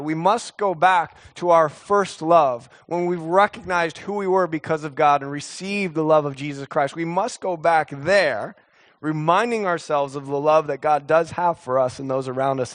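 A man in his thirties preaching a sermon, earnest, with emphatic repetitions and drawn-out pauses. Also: a little high. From United States. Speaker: pastor.

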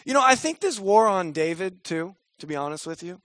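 Man, young adult, pastor, sermon, casual and joking, high-pitched, dry close sound. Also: sing-song, fairly quick, fairly bright tone, no echo. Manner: casual and joking, acts out voices in quotes.

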